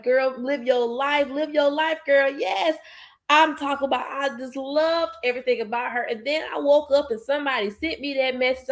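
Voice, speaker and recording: A woman hosting a podcast in casual chat, speaking bluntly and emphatically, swearing freely. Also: on the high side. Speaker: podcast host.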